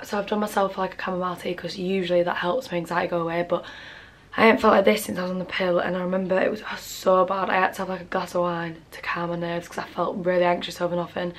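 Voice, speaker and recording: A woman's voice: mid-range voice, fairly bright tone. A young woman in her twenties with a Northern English accent, chatting casually to camera in a rambling vlog, full of fillers. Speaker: vlogger.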